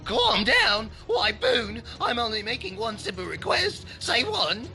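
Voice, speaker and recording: A performer voicing a short-tempered male clay-animation figure who yells and makes dares in a comedy movie review. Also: mid-range voice, huge pitch swings, unhurried, soft background music, exaggerated voice. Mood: furious.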